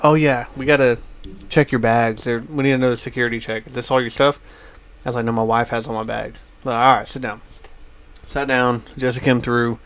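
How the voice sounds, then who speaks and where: Man, podcast co-host, casual storytelling, rambling, lots of fillers. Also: medium pitch. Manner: rambling anecdote with many fillers.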